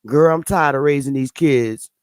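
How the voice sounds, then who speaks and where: A woman voicing a tired, sassy female monkey mother gossiping with a friend, in a lower, dry voice. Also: normal speed, dry recording. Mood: weary. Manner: sassy, exasperated.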